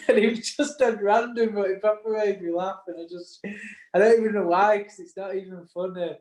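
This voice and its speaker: A man's voice: sits high, fairly even intonation, moderate pace, a little mellow. A man co-hosting a casual podcast chat, rambling through stories with frequent laughs and restarts. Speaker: podcast co-host. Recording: echoey room.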